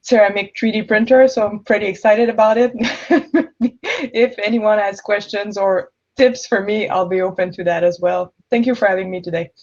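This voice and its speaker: A woman with a French accent speaks as a founder on a panel. Her talk is lively, with light laughs between points. The audio sounds muffled and lo-fi. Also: mid-range voice, fairly quick, hardly any pauses. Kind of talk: panel self-introduction.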